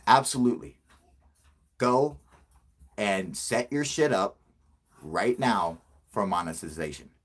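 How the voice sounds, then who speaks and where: Man hosting his own stream: husky voice, pitch swinging wildly, crude and excitable. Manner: profane, excitable storyteller who laughs often. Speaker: channel host. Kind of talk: casual livestream chat.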